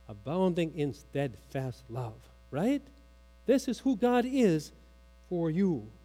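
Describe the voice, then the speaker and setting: A man's voice: very high voice, darkish tone. A man preaching a sermon, asking questions and quoting from the catechism, his voice dropping for emphasis. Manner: teaching with questions, quoting catechism aloud, dramatic drops. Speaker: pastor.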